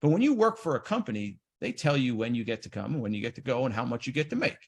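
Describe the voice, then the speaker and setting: A man giving an animated seminar talk on trading, acting out the inner voices of traders. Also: medium pitch, fast. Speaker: trading educator.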